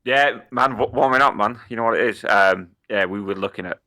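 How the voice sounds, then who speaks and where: A man's voice: lowish voice, brisk, sharp tone. A young man co-hosting a podcast in casual chat, swearing a lot, laughing and stumbling over his words. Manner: swearing, laughing, stammering restarts. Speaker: podcast co-host.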